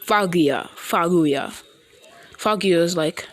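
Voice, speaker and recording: A woman improvising a fan story, halting and rambling with many restarts. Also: fairly low pitch.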